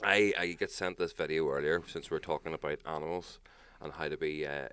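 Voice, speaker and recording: A Northern Irish man co-hosting a casual podcast chat, telling animated stories, swearing freely and mimicking people loudly. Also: very deep voice, brisk, clear, resonant tone. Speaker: podcast co-host.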